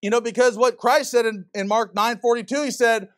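A man's voice: extremely high pitch, fairly even intonation, brisk, hardly any pauses. A man preaching a fiery sermon to a church congregation, firing rhetorical questions at the pews. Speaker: visiting preacher.

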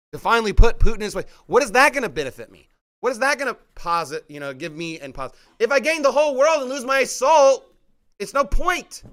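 Man preaching a sermon, high voice, bright and forceful tone, fervent, punchy rhetorical questions. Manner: fervent, rising to shouts at points of emphasis. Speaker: pastor. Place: church hall.

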